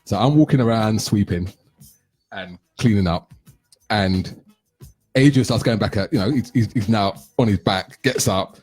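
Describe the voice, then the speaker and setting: A middle-aged man tells a story on a radio show, acting out the voices of the people in it. His voice is low and husky. Faint music plays behind him. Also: normal speed. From London. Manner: animated anecdote telling, acts out quotes. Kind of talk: casual storytelling chat.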